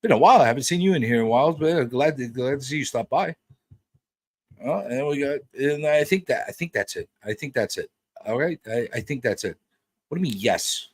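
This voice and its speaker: A man's voice: medium pitch, animated, a little fast, dry recording, studio quality. A man hosting a live stream in casual chat, rambling and repeating his words as he greets viewers by name.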